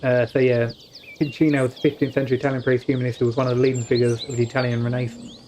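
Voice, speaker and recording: A man's voice: mid-range voice, level tone, rapid-fire, warm tone, a little hiss or hum. A young man from the UK streaming a story game, reading its text aloud and stumbling over hard words with joking asides. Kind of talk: casual let's-play commentary, reading game text aloud.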